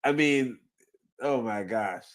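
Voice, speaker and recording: A man's voice: medium pitch, slow. A man hosting his own channel, chatting casually about sports and reacting to a clip, laughing often and repeating himself. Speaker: channel host.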